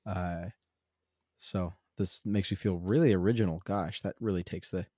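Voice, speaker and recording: A man co-hosting a casual podcast, reading dad jokes aloud in a halting, wry way. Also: deep voice, steady tone, darkish tone, no echo, clean studio sound. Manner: halting, self-interrupting, wry. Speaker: podcast co-host.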